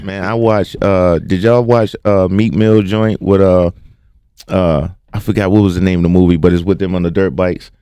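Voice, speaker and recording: A man's voice: sits low, normal speed, clear, resonant tone, no echo. A man co-hosting a podcast, chatting casually, laughing often and acting out other people's lines. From Washington, D.C. area. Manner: animated storyteller, laughs often, acts out quotes. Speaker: podcast co-host. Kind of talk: casual chat.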